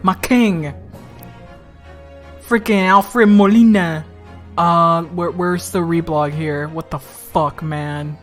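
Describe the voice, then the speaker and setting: A woman's voice: fairly low pitch, steady tone, slow pace, faint music behind. A woman giving casual commentary over a video game, blunt and chatty, swearing freely and laughing often. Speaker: let's play streamer.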